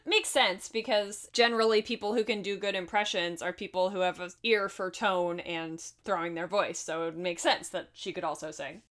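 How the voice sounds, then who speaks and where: A woman's voice: on the low side, steady tone, moderate pace, hardly any pauses, fairly bright tone. Sex: woman. Role: podcast co-host. Style: casual chat recapping a film. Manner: chatty and laughing, with asides.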